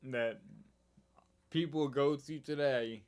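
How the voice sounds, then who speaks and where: A man's voice: mid-range voice, slow pace, a little mellow. An American man co-hosting a music reaction video, chatting casually with wry, sarcastic asides. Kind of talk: casual chat.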